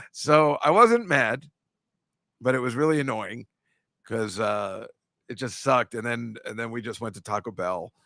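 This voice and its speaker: A man hosting a podcast in casual chat, telling rambling stories and teasing listeners, with jumpy bursts of loudness. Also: medium pitch, expressive, takes it slowly, long pauses, no echo, clean studio sound. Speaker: podcast host.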